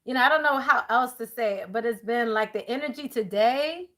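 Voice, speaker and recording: Woman with a high voice doing a tarot reading, chatty, talks to viewers like friends. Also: fairly quick, fairly bright tone. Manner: chatty, addresses viewers as y'all. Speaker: tarot reader. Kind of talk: live tarot reading chat.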